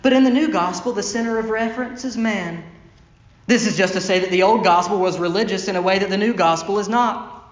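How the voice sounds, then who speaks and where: A male pastor preaching a sermon from the pulpit, pressing points with repeated phrases and dropping low and slow on key lines. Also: echoey room. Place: church sanctuary, from the pulpit.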